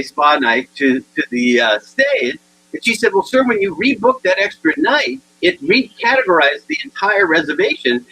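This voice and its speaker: A man in his sixties giving a humorous motivational talk, animated and acting out the people in his stories. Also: high voice, breathy edge, rough recording. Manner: animated storyteller acting out dialogue. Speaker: keynote speaker.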